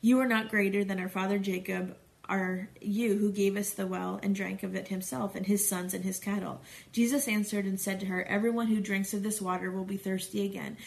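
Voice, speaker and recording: A middle-aged woman with a gravelly, creaky edge to her voice, pitched right in the middle of the range. She reads scripture aloud and breaks off for chatty, conversational asides like a Bible study teacher. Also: darkish tone. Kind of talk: scripture reading with casual commentary.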